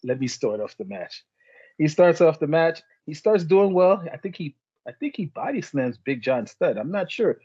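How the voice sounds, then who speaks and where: A man's voice: on the high side, moderate pace, husky, dry recording, highs cut off. A man co-hosting a podcast, telling stories in casual chat and acting out the voices of the people in them. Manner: animated storyteller acting out quotes. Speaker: podcast co-host.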